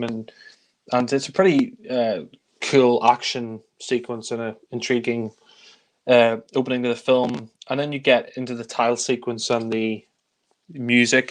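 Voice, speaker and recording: A man chats through a film review in a loose, rambling way. He leans on fillers and laughs under his breath as he goes. His voice sits at an ordinary middle pitch. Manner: rambling, full of fillers and chuckles. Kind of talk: casual film review chat.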